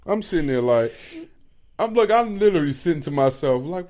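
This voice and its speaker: A man co-hosting a podcast, telling stories in casual chat with animated, profane energy. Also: a little high, brisk. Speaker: podcast co-host.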